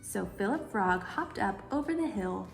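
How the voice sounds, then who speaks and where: A woman librarian leading a children's story time, reading a picture book aloud in a lively way. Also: medium pitch, normal speed, gravelly. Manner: animated, cheerful with children. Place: in front of a green screen. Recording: roomy echo, faint music.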